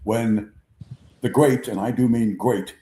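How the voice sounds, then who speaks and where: A man in his seventies hosting a sports talk show, telling rambling stories with lots of repeats and lively impressions. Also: mid-range voice, takes it slowly, a little hiss or hum. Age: 70s. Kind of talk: conversational storytelling. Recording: echoey room.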